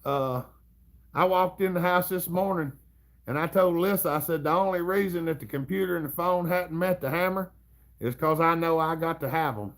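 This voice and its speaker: A man's voice: a little high, moderate pace, a bit bright. A middle-aged man with a Southern US accent, hosting a casual livestream and chatting in a drawling, chuckling, folksy way. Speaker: livestream host. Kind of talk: casual live chat reading comments.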